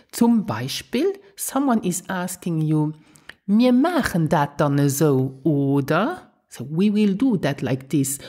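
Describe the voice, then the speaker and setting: Lady teaching on a language podcast, slow careful drills, kinda breathy, lowish voice. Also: a little mellow. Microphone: podcast microphone.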